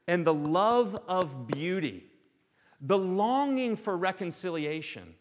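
A man preaching a sermon to his congregation with a lively, sweeping delivery, his voice riding up and down as he poses question after question. His pitch sits a touch high for a man, and the long reverb of a church hall trails each phrase. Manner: animated preaching, rhetorical questions, swings from loud to hushed. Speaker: pastor.

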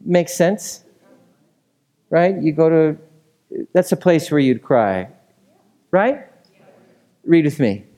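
A man delivers a sermon in a relaxed, talky way and keeps checking in with his listeners. His voice sits a little high for a man. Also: takes it slowly, pauses often. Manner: conversational, asks the room questions. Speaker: pastor.

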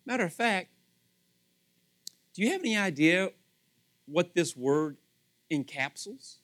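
A middle-aged man preaching a sermon as pastor, asking the congregation rhetorical questions and acting out quoted voices. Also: fairly high pitch.

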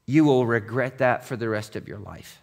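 A man pastor delivering a conversational sermon, dropping to a hush and then rising to emphatic points while asking his listeners direct questions. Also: medium pitch, normal speed, vocal fry, in a large hall. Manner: conversational, swings between hushed and emphatic; asks the congregation direct questions.

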